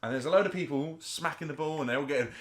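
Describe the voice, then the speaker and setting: A man, co-hosting a podcast and telling a story in an animated, chatty way. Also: on the high side, rapid-fire. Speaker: podcast co-host. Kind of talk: casual storytelling chat.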